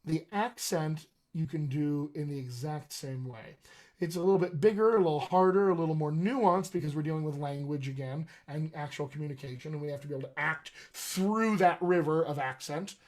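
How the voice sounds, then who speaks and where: A man with a fairly high voice leads a live-streamed acting class about accents. He explains patiently and keeps asking his viewers "all right?" The sound is plain webcam audio from a home room. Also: brisk, darkish tone. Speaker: dialect coach.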